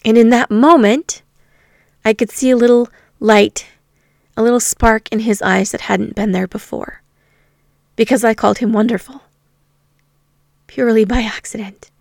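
A woman, a teacher, telling a personal story from her classroom in a reflective, earnest way, pausing often. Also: a little high, fairly even intonation, creaky, no room sound, clean studio sound. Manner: reflective, earnest, with pauses and fillers.

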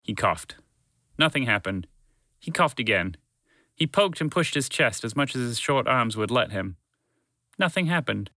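A man narrating a children's story to listeners in a gentle, unhurried, expressive way. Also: medium pitch, dry recording.

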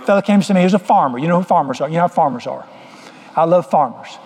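A man's voice: a little high, animated, fast, darkish tone, breathy edge. A middle-aged man preaching a sermon, folksy and joking as he tells stories. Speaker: pastor. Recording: long hall reverb.

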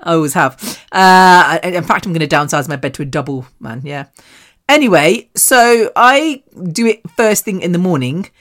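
A British woman hosts a solo podcast and talks straight to her listeners. Her voice sits on the low side for a woman. She rambles candidly, mocks herself and swears in passing. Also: lively intonation, normal speed, a bit bright. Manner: chatty, rambling and self-mocking, swears casually. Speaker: podcast host.

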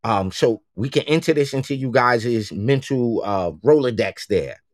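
A man co-hosting a political talk show who talks casually in slang and gets animated when he makes a point. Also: mid-range voice, a little slow, no room sound, clean studio sound. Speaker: co-host. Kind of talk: political commentary chat.

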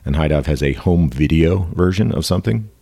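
A podcast host who keeps things loose and jokey, rattling through his notes in quick bursts. His voice sits deep and low. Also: lively intonation, vocal fry, dark tone, husky. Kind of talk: casual podcast chat.

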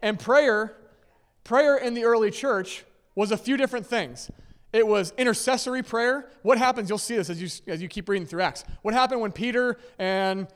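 Male pastor, sermon, high-pitched, conversational, laughs lightly, reverberant sanctuary. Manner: conversational, many "okay?" and "right?" checks; laughs lightly between points. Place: church sanctuary with long reverb.

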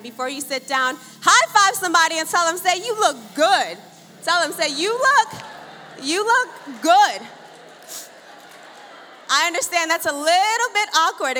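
A woman's voice: sits high, bright, forceful tone, a little hiss or hum. A woman pastor in her thirties preaching in a church, playful and chatty, laughing often and acting out the dialogue in her stories. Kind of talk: sermon opening with church announcements and storytelling. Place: large church auditorium with long reverb. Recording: reverberant hall sound.

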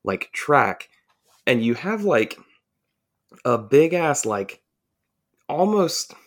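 A man's voice: mid-range voice, very animated, drawn-out words. A man from the southern United States, co-hosting a podcast and telling a long, profane, rambling story in casual chat. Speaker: podcast co-host.

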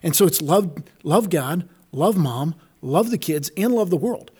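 A man's voice: a little high, animated, a little slow, darkish tone, breathy edge. A man hosting a faith conversation, reflective and affirming.

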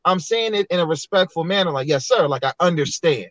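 Earnest male guest, high-pitched, reflective, dull lo-fi dry sound. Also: a little fast, a bit bright, no room sound. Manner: earnest, reflective, many restarts. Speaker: podcast guest. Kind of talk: candid personal storytelling.

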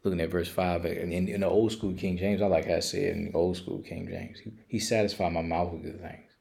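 A man's voice: deep voice, level tone, brisk, gravelly, a little mellow. An older man leading a casual Bible study, reading verses aloud and then explaining them in plain everyday talk.

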